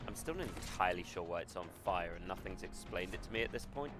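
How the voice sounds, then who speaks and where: A man's voice: low voice, animated, fast. Sardonic man streaming a shooter game. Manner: sardonic, swearing banter. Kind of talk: gaming stream commentary. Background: game music and gunfire.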